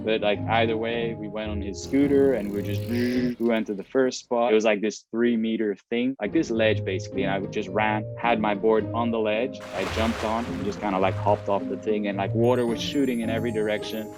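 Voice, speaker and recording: A man casually recounting his story in a relaxed way, full of fillers. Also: lowish voice, fairly quick, hardly any pauses, loud music behind the voice. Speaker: interviewee, skimboarder.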